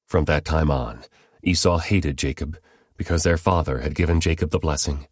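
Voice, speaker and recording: Deep-voiced man narrating a story. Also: normal speed, darkish tone, husky, no room sound, clean studio sound. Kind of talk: scripted narration.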